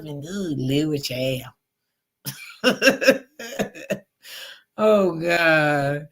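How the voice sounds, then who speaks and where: Middle-aged woman, gravelly voice, low-pitched, casual livestream chat, reads comments aloud. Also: animated, takes it slowly, pauses often, a bit bright. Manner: chatty, talks straight to viewers. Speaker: livestream host.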